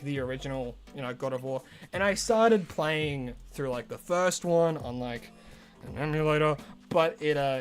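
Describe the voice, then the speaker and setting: A male streamer chatting casually on a live stream, rambling and loose, full of "like" and restarts, with soft game music behind him. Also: mid-range voice.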